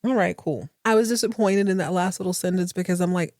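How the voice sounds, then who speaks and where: A woman's voice: on the low side, fast talker, hardly any pauses, darkish tone, no echo, clean studio sound. A woman hosting a podcast, recapping a TV episode in a chatty, sassy, playful way. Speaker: podcast host.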